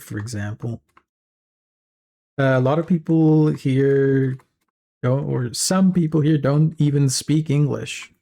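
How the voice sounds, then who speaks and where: A streamer from Africa, chatting casually and haltingly, trailing off and correcting themselves mid-sentence. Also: mid-range voice, mellow. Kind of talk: casual stream chat while working.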